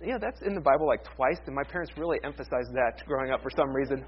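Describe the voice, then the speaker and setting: A man preaching a conversational, animated sermon as pastor, with playful asides. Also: medium pitch, quick pace, slightly rough, dull audio.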